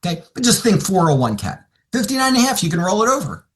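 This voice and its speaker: A man's voice: high-pitched, very animated, fast. A man training financial advisors, telling stories and acting out both sides of his client conversations. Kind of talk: seminar talk with acted dialogue.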